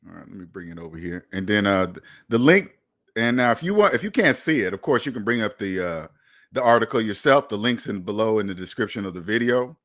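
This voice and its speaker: This time his voice is lowish and a bit bright, animated and fairly quick. As a finance-channel host, he offers casual commentary aimed right at his audience, emphatic, repetitive, and now and then profane.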